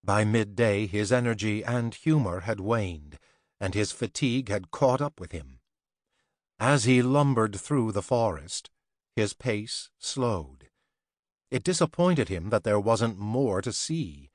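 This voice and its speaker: A male audiobook narrator reads a scripted story slowly in a low voice, measured and steady. The studio-quality recording has no echo.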